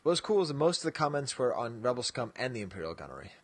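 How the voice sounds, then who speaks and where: A man's voice: mid-range voice, big pitch swings, very fast, slightly rough, dry recording. A man co-hosting a podcast in casual chat, rambling and jokey, laughing often and trailing off with "so". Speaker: podcast co-host.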